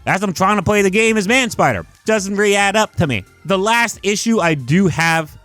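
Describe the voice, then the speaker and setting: Young guy doing a game skin review, higher voice swinging all over, swears a lot, dry close sound. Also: moderate pace, no room sound, faint music behind. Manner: animated and emphatic, swears freely. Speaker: gaming video host.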